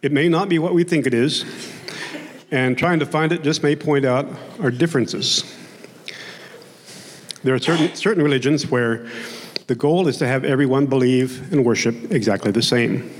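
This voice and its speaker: Plain-spoken pastor in a hall. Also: male voice, medium pitch, moderate pace, long pauses. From Oklahoma. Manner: conversational, plain-spoken preaching with asides. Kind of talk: sermon. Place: church sanctuary. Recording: long hall reverb in a sanctuary.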